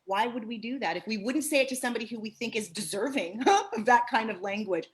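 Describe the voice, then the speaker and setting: A woman therapist speaking on a panel discussion, expressive and acting out encouraging and critical inner voices. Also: fairly high pitch, fast.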